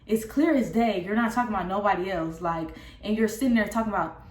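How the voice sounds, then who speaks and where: A young woman telling a casual storytime vlog, recounting a falling-out in a candid, profane and animated way. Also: medium pitch, fast. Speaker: vlogger. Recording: roomy echo.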